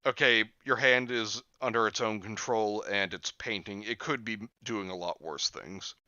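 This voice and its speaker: Man host, low bright voice, reads a horror story with joking commentary. Dry, lo-fi sound. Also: normal speed, clean tone, dry recording. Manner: jokey asides, chuckles at the story.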